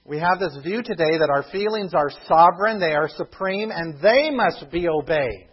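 A man preaching a sermon as pastor, earnest and emphatic, dropping to a hushed tone on key points. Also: fairly high pitch, lively intonation, normal speed, husky, highs cut off.

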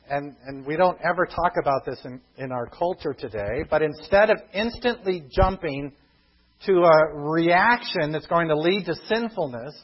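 Husky-voiced man preaching earnestly. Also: on the high side, highs cut off. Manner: earnest preaching, swings between emphatic and hushed. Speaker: pastor. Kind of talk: sermon.

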